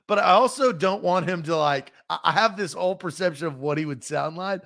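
A man co-hosting a sports podcast in casual chat, animated and joking, laughing often. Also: sits high, brisk, gravelly.

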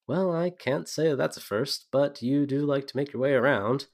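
A man's voice: mid-range voice, normal speed, voice pushed up, natural voice. A man doing a sly, teasing young noblewoman.

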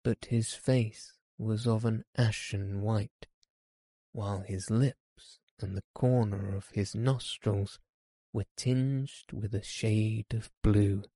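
A man narrating a classic story in a slow, measured audiobook reading. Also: fairly low pitch, steady tone, warm tone, slightly rough, no echo, studio quality.

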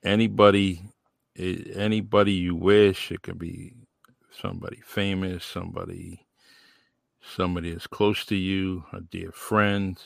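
A man with a very low, gravelly voice hosts a podcast, rambling along in easy conversation full of fillers. The sound is dry and close, with no room around it. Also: flat delivery, measured pace, no room sound. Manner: rambling, laid-back, lots of fillers. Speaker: podcast host. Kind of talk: casual interview chat.

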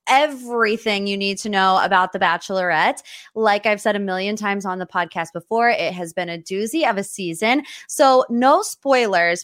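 A woman in her late twenties from the United States hosts a podcast from her studio office, talking in a chatty, gushing way with quick asides. Her voice sits at an ordinary middle pitch. The sound is dry and close. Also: a bit bright, no echo. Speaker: podcast host. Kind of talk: casual chat.

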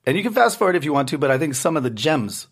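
A man with a Brooklyn accent co-hosting a podcast, telling stories in animated, profane casual banter. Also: fairly high pitch, very fast. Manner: animated, profane storytelling with put-on voices. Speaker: podcast co-host.

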